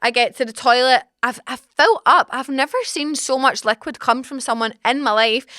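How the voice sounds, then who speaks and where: Scottish woman, twenties, podcast host, bright clear voice, dramatic storytelling, dry studio sound. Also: sits high, no room sound. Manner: animated, dramatic, swearing, frank. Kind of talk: casual storytelling. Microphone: studio mic.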